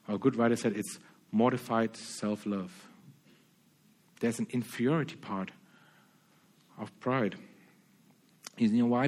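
A man preaching a sermon, earnest, stammering restarts and repeating his key phrases. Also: mid-range voice.

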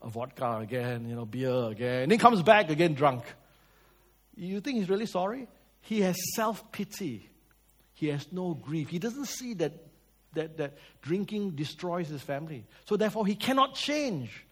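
A man preaches. His voice sits a little high for a man. He tells lively stories, swings between loud and soft, and asks his listeners questions. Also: normal speed. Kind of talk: sermon.

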